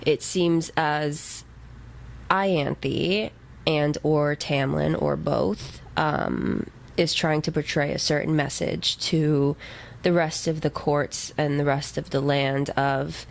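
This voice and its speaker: A woman with a lowish voice talks through a novel in easygoing podcast chat. She slips into sarcastic asides and laughs easily. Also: fairly even intonation, takes it slowly, vocal fry. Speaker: podcast co-host. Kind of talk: casual book-club chat.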